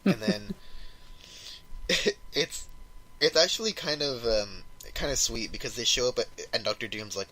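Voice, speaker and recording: Male podcast co-host, casual rambling recap, acts out quoted lines, bright forceful tone, slight hiss behind. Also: mid-range voice, animated, measured pace, pauses often, low-quality recording. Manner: rambling retelling, acting out quotes with lots of "like". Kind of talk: casual chat retelling a comic.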